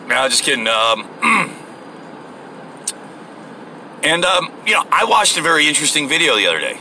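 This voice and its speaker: Profane, rambling man talking while driving, bright edgy tone, faint engine noise. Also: on the high side, very animated, normal speed, creaky, pauses often. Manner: rambling, profane, frequent fillers. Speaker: vlogger. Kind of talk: casual driving rant. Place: inside a moving car.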